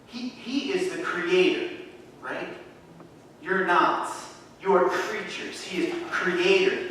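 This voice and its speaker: A man preaching from the pulpit with an emphatic, repetitive delivery and a fairly high voice. His words ring through a big, echoey church hall, picked up from some distance away, with a faint background hum. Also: slow, a bit bright. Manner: emphatic, repeats key phrases. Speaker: associate pastor. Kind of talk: sermon. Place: church sanctuary.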